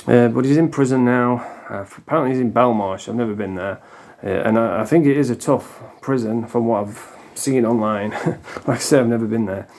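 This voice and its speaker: A man's voice: mid-range voice, fairly quick, darkish tone. A man, ranting bluntly in a casual monologue and swearing freely. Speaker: vlogger.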